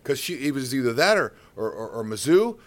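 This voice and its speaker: A middle-aged man, a baseball color commentator, telling a story in an interview. He is animated, acts out the quotes and repeats words when excited. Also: medium pitch, fairly quick.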